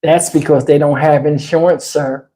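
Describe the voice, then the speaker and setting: A man mimicking a bored, dismissive female 911 operator in a flat, mocking drawl, lower than his usual voice. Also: normal speed, close to an everyday voice, poor audio.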